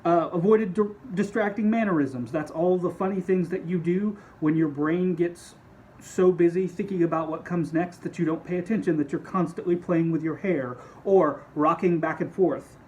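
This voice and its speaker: A man teaching a speech class, talking casually and explaining each point with quick spoken demonstrations. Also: a little high, a little mellow, slight background noise, rough recording. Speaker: speech instructor. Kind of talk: recorded lecture.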